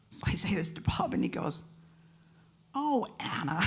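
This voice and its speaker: A woman's voice: mid-range voice, unhurried, long pauses, whispered. Woman acting out voices in a story. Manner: lively anecdotal, acts out quoted voices. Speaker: singer. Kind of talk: storytelling between songs at a live event.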